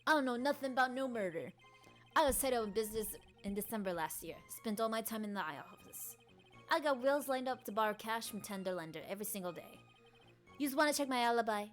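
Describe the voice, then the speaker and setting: A woman's voice: on the high side, animated, fast talker, lightly acted. A woman acting out a swaggering male loan shark with a thick mock Brooklyn accent. He barks street slang and threatens everyone in the room. Light music plays underneath the game voice. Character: brash loudmouth male loan-shark thug.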